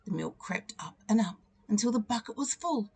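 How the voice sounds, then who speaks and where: A teacher reading a children's picture book aloud, telling the story expressively and leaning into its repeated refrains. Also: female voice, a little high, lively intonation, moderate pace, gravelly, a little mellow, breathy edge.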